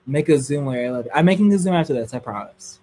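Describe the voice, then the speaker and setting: A young man telling a dramatic, gossipy story to a live audience in a casual streaming chat, his voice jumping to squealing highs when excited. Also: rapid-fire.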